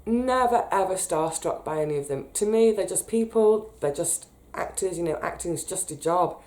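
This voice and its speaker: British woman, casual vlog storyteller, mellow and lowish, animated. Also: moderate pace. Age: 30s. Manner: chatty, animated, emotional when retelling.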